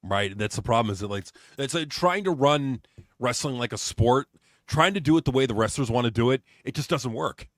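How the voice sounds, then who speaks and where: A man's voice: medium pitch, lively intonation, fairly quick, a bit bright, no room sound, studio quality. A man co-hosting a casual podcast, ranting in a heated, profane way about wrestling. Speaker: podcast co-host.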